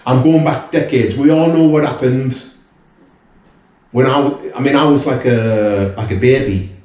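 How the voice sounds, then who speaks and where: Heard from a distance in a very echoey space, the muffled recording captures a fifties-aged British man with a medium-pitched voice and measured pace. He's a guest in a relaxed conversation, sincere yet rambling, frequently breaking off to restart.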